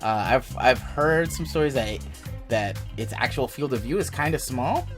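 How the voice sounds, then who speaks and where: A young man hosting a casual chat, telling a story in an animated, swearing way and laughing often. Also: medium pitch, moderate pace. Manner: animated, profane, laughs while telling stories. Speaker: channel host. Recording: background music playing.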